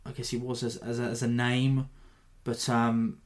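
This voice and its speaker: A man hosting a podcast, giving a rambling, animated breakdown of a fight in a self-deprecating way. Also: medium pitch, normal speed. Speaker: podcast host. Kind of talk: casual fight analysis.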